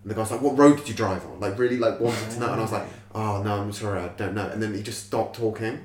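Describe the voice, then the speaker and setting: A young man from Surrey, talking quickly in a lowish voice as he tells a wry anecdote. The room is echoey, with a faint noise underneath. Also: fairly even intonation, a crowd in the background. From Surrey, England. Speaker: podcast co-host. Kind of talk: casual chat.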